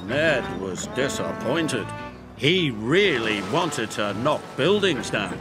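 A man narrating a children's storybook in an expressive, measured way, with music behind. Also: mid-range voice.

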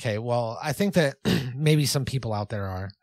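A man's voice: mid-range voice, moderate pace, darkish tone, no room sound. Male podcast co-host, playful bit-leader, mid-range voice, recorded dry and close. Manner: playful, leads the bits with mock instructions. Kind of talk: comedic podcast banter and mock ad read.

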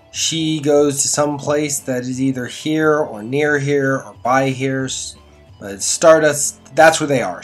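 A man giving a casual, rambling spoken review of a TV episode, recapping scenes with dry, sarcastic asides. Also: mid-range voice. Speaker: show reviewer.

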